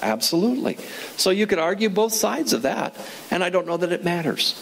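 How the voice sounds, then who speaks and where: A man's voice: high voice, animated, brisk, vocal fry, a bit bright, slight background noise, low-quality recording. A man preaching a sermon as a pastor, talking in a conversational way, asking his listeners questions and repeating key phrases for emphasis. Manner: conversational, asks the audience questions.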